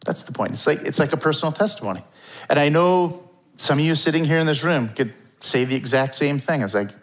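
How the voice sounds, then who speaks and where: Male pastor, mid-pitched voice, preaching in a loose conversational style with acted-out asides. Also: lively intonation, moderate pace, rough recording. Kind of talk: sermon. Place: church hall before a congregation.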